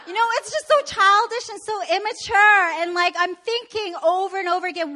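Bright, high-voiced woman pastor from Canada. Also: a little fast, few pauses. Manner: animated, laughing, self-deprecating. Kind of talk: sermon with personal stories.

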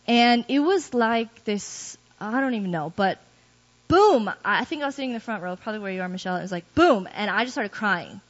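A woman's voice: medium pitch, lively intonation, a little fast. A woman giving a personal testimony to a church group, telling her story candidly and poking fun at herself. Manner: candid, self-deprecating storytelling with laughs. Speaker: guest speaker giving testimony. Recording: dull lo-fi recording.

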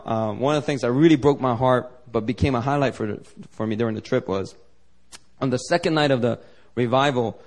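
A man's voice: medium pitch, a little mellow. A man preaching as a pastor at a church service, telling a story loosely, with lots of "like" and "you know". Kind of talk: sermon storytelling.

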